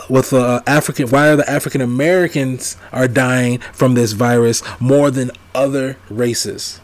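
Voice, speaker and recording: A man's voice: mid-range voice, steady tone, normal speed, hardly any pauses. A man giving a ranting commentary, emphatic and repetitive, firing off rhetorical questions. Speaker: vlogger.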